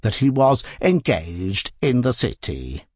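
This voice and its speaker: A man narrating a classic novel in an expressive, measured storytelling manner. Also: mid-range voice, dry recording, clean studio sound.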